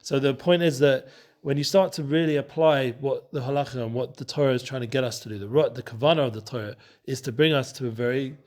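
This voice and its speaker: A man leads a casual Torah study at a quick, rushing clip. He keeps stopping and restarting his sentences and drops Hebrew and Yiddish terms in as he goes. His voice sits at a middling pitch. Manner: fast, loose and animated, with many restarts. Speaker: Torah teacher and show host.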